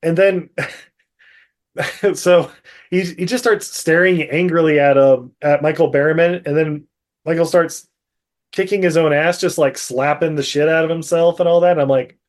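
A man's voice: on the high side, steady tone, moderate pace. A man casually recapping a movie on a podcast, rambling with lots of fillers and frequent laughter. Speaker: podcast co-host.

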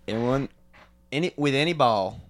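A man plays a rambling party guest who spins absurd stories in a deadpan way and chuckles at his own lines. His voice is mid-pitched and unremarkable. The delivery is loose and conversational. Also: normal speed, close to an everyday voice. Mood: playful. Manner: rambling, deadpan tall tales, laughs at own jokes. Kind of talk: improv comedy podcast.

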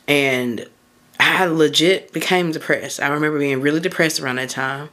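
A woman's voice: deep voice, moderate pace, fairly bright tone. A woman hosting a podcast as a mindset coach, talking casually and candidly through personal stories, with loose phrasing and lots of fillers. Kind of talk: casual motivational monologue.

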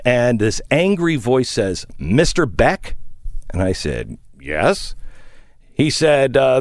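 Man, middle-aged, talk show host, storytelling, lively pitch, dry close sound. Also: no room sound. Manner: animated storyteller, acts out the people in his story. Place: studio away from home.

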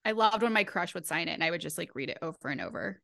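Woman, podcast co-host, playful, giggly, bright tone, dry close sound. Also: lowish voice, expressive, quick pace, creaky, dry recording. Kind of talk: casual chat.

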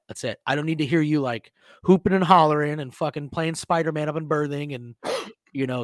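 A man co-hosting a podcast, telling profane, animated stories and shouting out quoted lines. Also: on the high side, no room sound, studio quality. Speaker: podcast co-host. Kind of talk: casual storytelling chat.

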